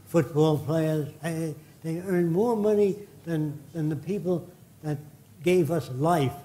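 A man's voice: fairly high pitch, dark tone. An older man from the United States giving a public lecture, blunt and indignant, with profane asides.

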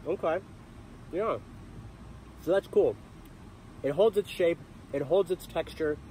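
A man's voice: fairly high pitch, a little mellow, a little hiss or hum. A young man filming a casual cooking vlog in his camper van, chatting to viewers with enthusiasm. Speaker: van life vlogger.

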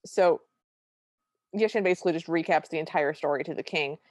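A woman's voice: sits low, darkish tone, no room sound. Wry, exasperated woman podcast co-host. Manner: wry, exasperated, recounts scenes with quick impressions. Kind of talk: casual chat recapping a film.

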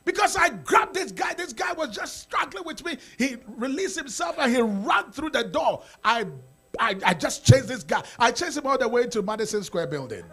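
A man with a Ghanaian accent preaching a sermon as pastor, swinging from quiet talk to shouting. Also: very high-pitched, lively intonation, normal speed, slightly rough.

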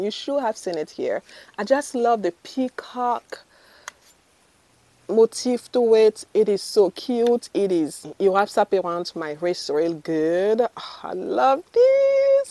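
A woman's voice: medium pitch, mellow. A woman fashion vlogger chatting casually through a bangle try-on haul, gushing and full of fillers and restarts. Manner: gushing, chatty, lots of fillers and self-corrections.

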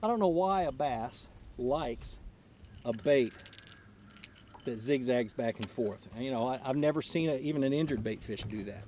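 A man's voice: mid-range voice, moderate pace. Chatty man fishing from a boat. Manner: relaxed, chatty, laughs often, talks while fishing. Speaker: fishing instructor. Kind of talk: casual how-to demonstration. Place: on a boat on a lake, outdoors. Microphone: camera mic, he moves around it. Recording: outdoor camera audio with noise.

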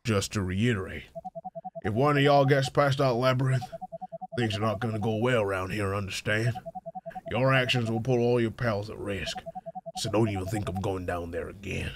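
A man voicing a menacing male overseer in a horror game, speaking low and hushed with a threatening edge. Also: moderate pace, background noise, close to an everyday voice.

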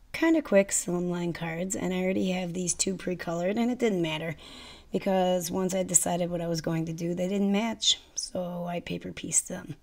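A woman's voice: lowish voice, gravelly, darkish tone. A woman with a stuffy nose hosting a card-making channel, chatting casually as she explains each step in a crafting tutorial voice-over.

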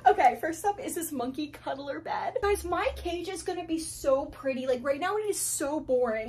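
High-pitched young woman, bubbly, giggly, gushing, casual vlog chat, slight background hiss. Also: animated, brisk, hardly any pauses. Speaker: pet vlogger.

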